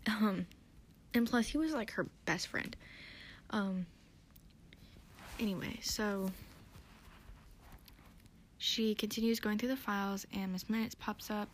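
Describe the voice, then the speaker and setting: A woman's voice: medium pitch, slow pace, pauses often, a little hiss or hum. A tired woman hosting a podcast, recapping an episode in a rambling, hesitant, self-deprecating way. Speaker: podcast host.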